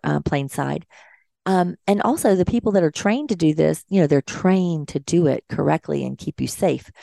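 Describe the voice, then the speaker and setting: A woman's voice: on the low side, vocal fry, no room sound, clean studio sound. A woman nurse and podcast host, earnestly telling a personal story and acting out what people said. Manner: earnest, animated retelling with quoted dialogue.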